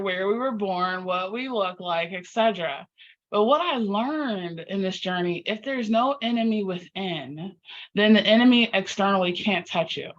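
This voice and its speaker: Earnest woman coach telling her story. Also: medium pitch. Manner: earnest, animated, acts out inner dialogue. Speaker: podcast guest, life coach. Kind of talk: conversational interview storytelling. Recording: slightly muffled lo-fi audio.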